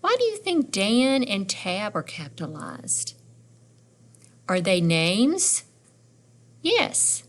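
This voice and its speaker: A middle-aged woman leads a beginners' phonics lesson at a very slow, deliberate pace. She sounds out each letter and word family one piece at a time, then checks in with her young listeners through friendly questions. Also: mid-range voice, wildly swooping pitch. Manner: sounds out letters and words slowly, encouraging questions. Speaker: teacher.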